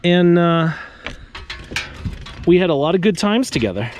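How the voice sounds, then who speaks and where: A man's voice: sits high, sing-song, measured pace, dull audio, background noise. A man vlogging casually outdoors on a suburban street, chatting to viewers with joking asides. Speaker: trash-picking vlogger. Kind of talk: casual vlog talk to camera.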